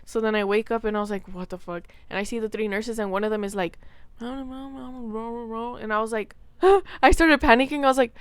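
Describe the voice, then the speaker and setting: A woman in her twenties telling a story to camera in a casual, animated way, full of fillers, swearing and acted-out quotes. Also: fairly high pitch, normal speed, clean tone, dry recording. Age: 20s. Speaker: vlogger.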